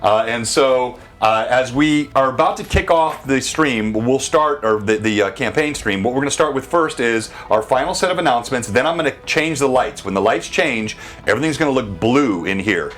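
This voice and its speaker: A man's voice: mid-range voice, animated, normal speed, few pauses, fairly bright tone. Man running a streamed tabletop game. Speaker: game master and stream host. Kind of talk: livestreamed tabletop narration. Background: faint music.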